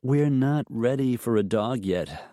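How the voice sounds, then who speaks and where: A man's voice: medium pitch, lively intonation, unhurried, dark tone, dry recording, voice pushed up, close to an everyday voice. A man doing a dry, patient young mother.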